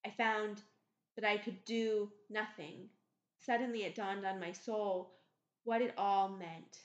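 A woman's voice: medium pitch, fairly even intonation, slow pace, roomy sound, close to an everyday voice. A woman reading aloud, voicing a dreamy, devoted young actress in a lingering, lyrical way. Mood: rapturous. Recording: slightly muffled recording.

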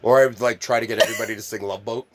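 A man telling wild stories in casual chat, swearing freely and loudly acting out the scenes. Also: lowish voice, very fast, a little hiss or hum. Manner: animated storyteller, swears a lot, acts out scenes loudly.

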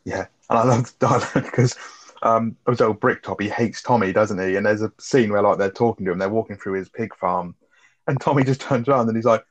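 Low-voiced man, laid-back. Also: fairly quick. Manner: laid-back, swears freely, summarizes plot. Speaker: film review podcast co-host. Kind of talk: casual chat. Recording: dull lo-fi sound.

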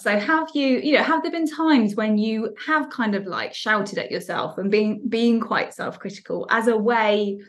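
A woman co-hosting a podcast who speaks reflectively and asks questions at length in casual conversation. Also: on the high side. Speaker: podcast co-host. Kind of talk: casual chat.

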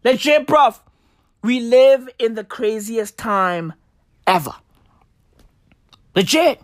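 A man hosting a podcast, ranting in casual commentary, excitable and profane, repeating himself and breaking into laughter. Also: very high voice, slow pace, dry recording. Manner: excitable, profane, repetitive, keeps bursting into laughter. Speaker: podcast host.

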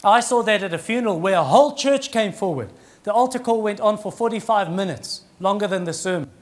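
A man's voice: high voice, animated, brisk. A middle-aged man preaching a sermon in an earnest, conversational way that rises in emphasis.

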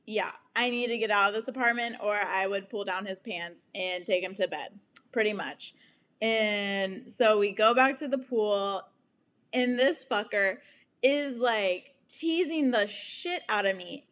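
Young woman host, unhurried and slightly high, candid profane storytelling with laughs. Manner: frank and profane, laughing often, with animated quoted asides. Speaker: podcast host.

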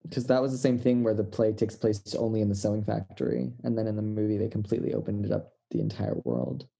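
A man's voice: lowish voice, quick pace, creaky, mellow, breathy edge. A man co-hosting a podcast, chatting casually in a playful, teasing way. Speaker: podcast co-host. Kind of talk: casual chat about films.

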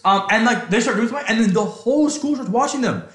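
A man's voice: very high voice, lively intonation, quick pace, fairly bright tone, reverberant. A man co-hosting a casual movie review chat, talking in a profane, mocking way. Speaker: podcast co-host.

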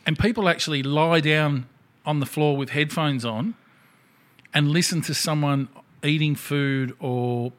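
A man's voice: on the high side, steady tone, unhurried. A middle-aged man hosting a casual podcast chat, blunt and swearing freely. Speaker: podcast host.

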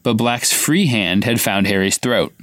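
A man's voice: on the low side, a little slow, a bit bright, dry recording, clean studio sound. A man co-hosting a podcast, reading a novel aloud live and acting out the dialogue with a raised voice.

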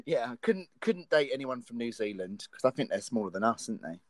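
A man's voice: mid-range voice, sing-song, fast, no room sound. A young man from England chatting casually, playful and teasing, laughing often. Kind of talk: casual chat.

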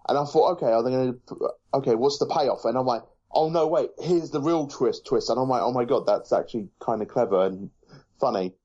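Brief: male co-host, medium pitch, rambling casual delivery, muffled lo-fi recording. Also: a little fast, warm tone. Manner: rambling, many fillers and restarts. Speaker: podcast co-host. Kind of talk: casual review chat.

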